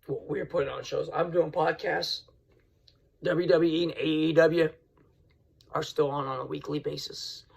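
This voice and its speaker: A man hosting his own wrestling podcast, ranting heatedly and swinging from loud outbursts to low mutters. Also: fairly even intonation, measured pace, vocal fry, husky. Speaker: podcast host. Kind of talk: casual wrestling podcast rant.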